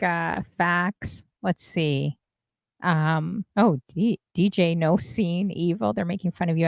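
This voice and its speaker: A woman's voice: fairly low pitch, vocal fry, no room sound, clean studio sound. A woman hosting a casual live stream, chatting, laughing and reading out viewers' comments. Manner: chatty, reads out chat comments, laughs often. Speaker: host.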